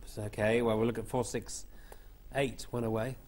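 A man's voice: fairly low pitch, level tone, normal speed, a crowd in the background. A man hosting a television quiz show, chatty and genial, given to rambling a little as he moves things along. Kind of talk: TV game show presenting.

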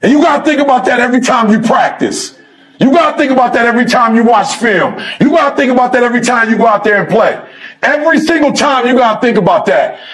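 A middle-aged man giving a motivational speech to a sports team, switching between fiery shouted exhortation and laid-back storytelling. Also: extremely high pitch. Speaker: motivational speaker.

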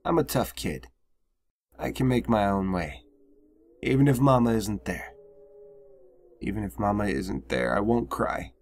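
A man's voice: lowish voice, animated, unhurried, long pauses, a little mellow. A man voicing a small boy in a game who insists he is tough and can go alone. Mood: defiant. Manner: insistent, trying to sound tough. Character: small boy, stubborn and brave.

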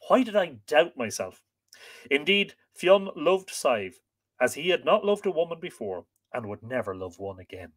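Man, livestream host, chatty, reads aloud, animated pitch. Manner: chatty, greets viewers by name. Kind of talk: livestream reading and chat.

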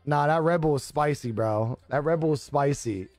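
A man's voice: a little high, normal speed, darkish tone. A young man on a live stream chatting casually with viewers, laid-back and joking, swearing freely and laughing often. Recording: dry close-mic with faint music behind.

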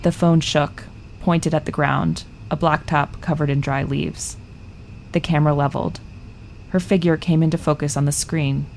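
A woman calmly narrating a scripted piece of narrative journalism. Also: low voice, moderate pace, gravelly, slight background noise.

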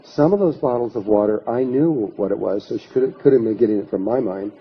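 A man's voice: fairly low pitch, brisk, breathy edge. A man lecturing to an audience, telling an anecdote and retelling what people said in his own voice. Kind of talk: storytelling lecture. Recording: slightly muffled lecture recording.

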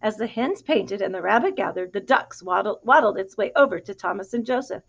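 A woman reading a picture book aloud to a child in an animated, expressive way, pausing to ask questions. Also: mid-range voice, gravelly, slightly rough. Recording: dull lo-fi recording.

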